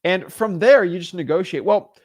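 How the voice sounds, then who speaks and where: A young man teaching real estate wholesaling in an energetic, casual way, acting out both sides of phone calls with sellers. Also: sits high, moderate pace, no room sound, studio quality.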